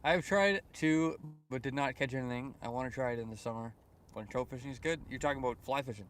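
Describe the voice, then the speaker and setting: A young Canadian man livestreams a fishing trip outdoors by the water at sunrise, reading viewers' chat messages aloud and answering them. He's relaxed and chatty, full of fillers, with a mid-range voice, a quick pace and slight background noise.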